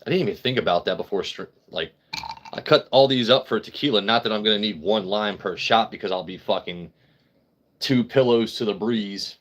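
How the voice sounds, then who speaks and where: A man's voice: lowish voice, fairly quick, fairly bright tone. Crude, joking man chatting on a livestream. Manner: crude, joking, swears freely; rambling, talks straight to chat viewers. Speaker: livestream host. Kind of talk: casual livestream chat while drinking.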